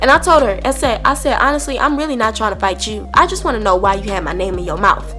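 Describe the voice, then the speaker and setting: A young woman, telling an animated storytime to camera and acting out both sides of a heated argument. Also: mid-range voice, fast, soft background music. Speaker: storytime vlogger.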